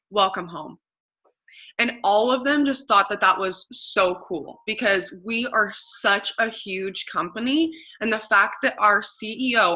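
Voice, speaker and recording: A young woman with a bright, forward voice talks earnestly and with enthusiasm. She leans hard on key points in a relaxed, chatty conversation. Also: mid-range voice, rough recording. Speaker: co-host. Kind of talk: casual chat.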